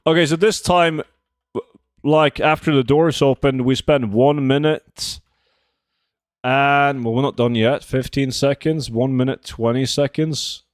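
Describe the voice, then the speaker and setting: A man's voice: medium pitch, a little slow, no room sound, studio quality. A man in his twenties chatting casually with his chat while playing a game on a livestream. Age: 20s. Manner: relaxed, answering chat while gaming. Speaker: streamer.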